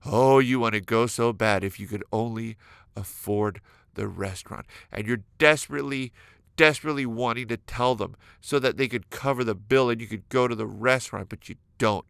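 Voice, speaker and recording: Male comedic podcast host, gravelly edge, dry close sound, animated storytelling. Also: medium pitch, moderate pace, dry recording. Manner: animated, exaggerated, acts out imagined dialogue. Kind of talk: comedic solo podcast monologue. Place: California.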